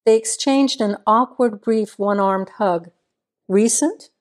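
A woman narrating a small-town crime novel in a measured storytelling manner. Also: medium pitch, darkish tone. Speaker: audiobook narrator. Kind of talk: scripted narration.

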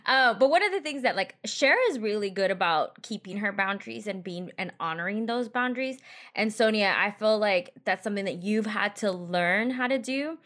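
A woman podcast host with a middle-pitched voice. She reflects candidly and conversationally. She builds slowly toward a question for her guest. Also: animated, fairly bright tone. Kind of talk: podcast interview.

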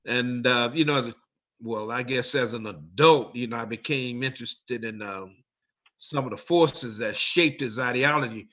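A man speaking in a measured, thoughtful way with pauses and fillers during a casual discussion. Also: mid-range voice, bright, forceful tone.

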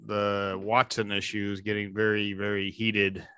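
A man's voice: on the low side, monotone, a little slow, bright, forceful tone, smooth, dry recording. A man co-hosting a podcast in casual chat, candid and talking in bursts. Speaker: podcast co-host.

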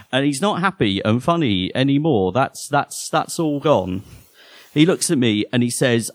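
A man performing a first-person horror story live on a theatre stage, halting and often repeating his words. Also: fairly low pitch, dry recording.

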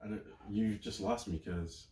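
A man's voice: fairly low pitch, normal speed, warm tone, roomy sound, recorded from a distance, poor audio. A man co-hosting a podcast, laid-back in casual chat and often answering with short agreeing replies. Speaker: podcast co-host.

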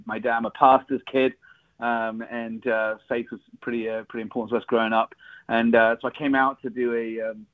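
An Englishman with a British accent telling his story as a podcast guest, chatty and laughing often. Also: mid-range voice. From England. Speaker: guest, recruiting firm CEO. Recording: phone-like narrow line.

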